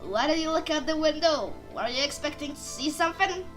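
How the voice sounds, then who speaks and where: A woman's voice: high-pitched, lively intonation, a little fast, fairly bright tone, soft background music. A woman voicing an earnest young male defense lawyer in a game, indignant and casual.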